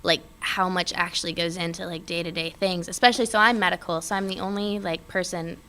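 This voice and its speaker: A young woman in casual interview chat, talking fast and loose with many fillers. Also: lowish voice, clean tone. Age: young adult. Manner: chatty, many fillers, animated when quoting others. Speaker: guest, airman.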